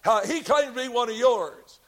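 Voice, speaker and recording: A needling male devil, quick and sly, as a high-voiced preacher puts him on. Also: animated, a bit bright. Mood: accusing. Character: scheming male devil accusing a believer.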